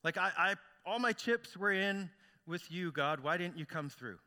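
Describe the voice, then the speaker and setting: A man's voice: high voice, expressive, moderate pace, sharp tone, big-room sound, exaggerated voice. A man voicing a stubborn man who keeps refusing rescue, insistent and dismissive. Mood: aggrieved.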